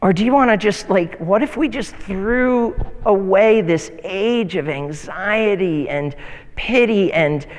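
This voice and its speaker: A man preaching a sermon as a pastor in a church, animated, with mocking whiny voices when he quotes complainers. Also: high-pitched, slow, in a large hall. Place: church sanctuary.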